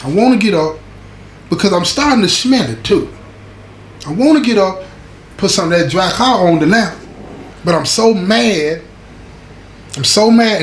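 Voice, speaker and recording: Male storyteller, fairly high voice, animated and slangy, keeps asking if you follow him; roomy echo. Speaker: show host recounting prison stories. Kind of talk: casual storytelling to viewers. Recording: echoey room with faint background noise.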